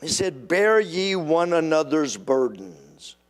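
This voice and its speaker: Slow, emphatic older male preacher. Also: a little high. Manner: animated, acts out quoted voices. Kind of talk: sermon.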